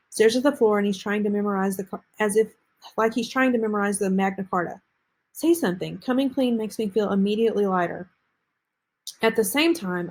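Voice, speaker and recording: Woman, husky breathy voice, reading a novel aloud, halting, stumbles and restarts. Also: medium pitch, darkish tone. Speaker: reader.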